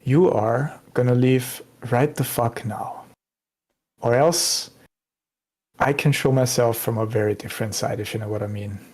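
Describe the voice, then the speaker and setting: A man voicing a large male soldier who threatens calmly and quietly. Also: mid-range voice, measured pace. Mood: threatening.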